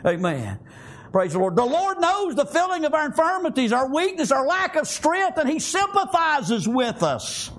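Brief: male preacher, high-pitched, fervent sermon delivery, full of amens. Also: sing-song, normal speed, fairly bright tone. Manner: fervent, peppered with "praise God" and "amen".

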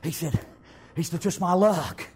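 Husky high-voiced preacher man. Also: a little slow. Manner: fervent, repeats "amen" and "praise God", swells into shouting. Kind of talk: testimony sermon.

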